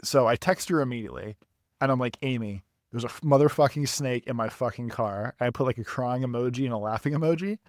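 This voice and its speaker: Profane, animated podcast storyteller man. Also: medium pitch, fast, no echo, clean studio sound. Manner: animated, profane, laughs at himself. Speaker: podcast co-host. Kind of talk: casual storytelling.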